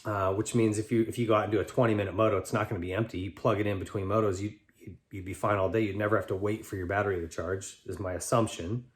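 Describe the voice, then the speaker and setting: A man's voice: lowish voice, steady tone, fast, hardly any pauses. A man hosting a talk show, answering listener letters in a loose, rambling conversational way with lots of restarts. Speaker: podcast host and bike tester. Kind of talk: casual chat answering listener mail.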